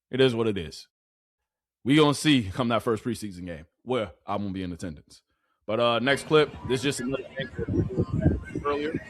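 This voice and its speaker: A young man giving casual live-stream commentary on football clips, animated and repetitive, full of slang and hype. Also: medium pitch, slight background noise.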